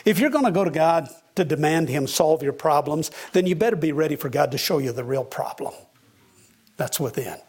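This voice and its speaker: A male pastor delivers an earnest sermon in a fairly high voice. His tone is husky rather than clear. He lifts his pitch to drive home each point. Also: lively intonation, fairly quick, a little mellow. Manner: earnest preaching, rising pitch for emphasis.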